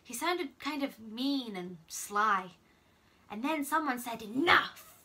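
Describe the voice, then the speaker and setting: A woman's voice: on the high side, animated, slow, bright, forceful tone, slight background noise, heavily acted. A woman voicing a troubled, earnest young boy in a storybook reading, close to her own voice. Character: troubled ten-year-old boy, earnest.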